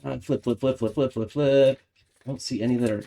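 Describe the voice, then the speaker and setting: Casual gamer host, young man, mid-pitch, thinks aloud, excitable. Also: fairly quick, creaky. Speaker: gaming video host. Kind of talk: casual game commentary.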